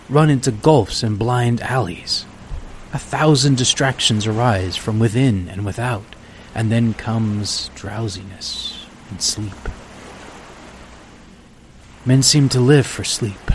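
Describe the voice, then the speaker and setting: A man voicing a weary, sleepless, despairing man in a storybook reading, speaking slowly and broodingly. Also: mid-range voice, a little hiss or hum, pitched above the performer's own voice, natural voice. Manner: slow, weary, brooding speech.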